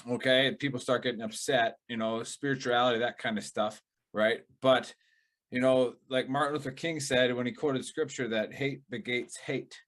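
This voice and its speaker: A man with a Wisconsin accent hosting a casual chat show, rambling and animated with lots of fillers. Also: medium pitch. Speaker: podcast host.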